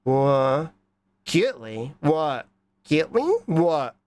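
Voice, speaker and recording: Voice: medium pitch, lively intonation, extremely slow, no room sound. A streamer with a stuffed-up nose from a cold, chatting casually and rambling while reading chat. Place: hot room indoors.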